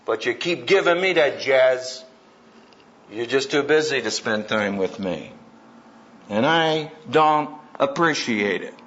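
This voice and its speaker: A man's voice: medium pitch, expressive, slow pace, a bit bright, dull audio, slight background noise. A man voicing a resentful teenage son complaining that his father never has time for him. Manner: complaining, accusing.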